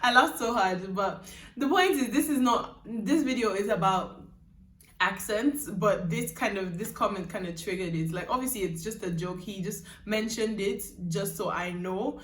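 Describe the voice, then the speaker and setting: In a roomy recording with a distant mic, a young woman vlogs casually, her accent drifting between Nigerian and British as she rambles and laughs frequently. She's a YouTuber with a medium-pitched, fairly bright voice at a moderate pace.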